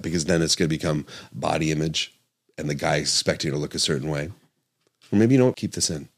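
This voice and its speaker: A middle-aged man with an extremely deep, low voice, hosting a podcast monologue as a doctor. He speaks earnestly and with emphasis, circling back to repeat key points and stopping to correct himself mid-thought. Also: fast talker, breathy edge.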